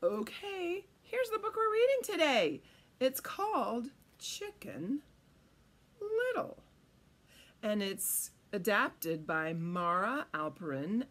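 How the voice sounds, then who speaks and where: A woman's voice: mid-range voice, big pitch swings, slow pace, fairly bright tone. A woman hosting a children's storytime, reading a picture book in a playful, coaxing way and asking the kids questions.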